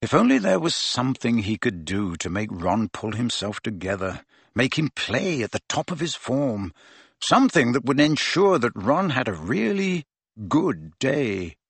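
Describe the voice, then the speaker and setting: A man's voice: mid-range voice, big pitch swings, measured pace, vocal fry, breathy edge, dry recording. A man reading a novel aloud as a narrator, telling the story expressively. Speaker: audiobook narrator. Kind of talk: scripted narration.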